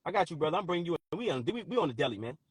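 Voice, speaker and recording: A man hosting a talk stream with callers, speaking in a profane, forceful, preachy way. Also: a little high, sing-song, rapid-fire, slightly rough, no echo. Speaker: host.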